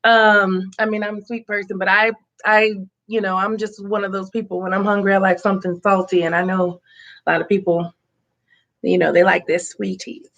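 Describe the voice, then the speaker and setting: A woman's voice: mid-range voice, flat delivery, moderate pace, creaky, fairly bright tone. A woman who was born in Boston and raised in Tampa, Florida, chatting casually in her living room by the fire on a live stream. She reads viewer comments aloud, laughs often and talks with lots of fillers.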